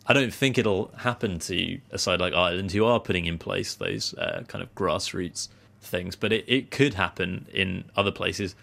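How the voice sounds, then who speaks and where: Male co-host, lowish voice, jokey and easygoing; casual chat. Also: normal speed, vocal fry, a bit bright. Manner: jokey, laughs at his own attempts at accents. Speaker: podcast co-host. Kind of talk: casual chat about cricket.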